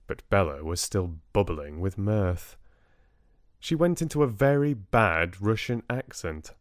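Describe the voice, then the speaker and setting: A British man with a low-pitched voice narrates an audiobook close to the mic, calm and measured in his storytelling. There is no echo.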